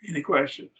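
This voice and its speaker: A man teaching a Bible study class in a casual lecture, talking in halting phrases and repeating words as he explains. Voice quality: gravelly and husky. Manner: halting, repeats words, uses fillers and "see?". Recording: dull lo-fi classroom recording.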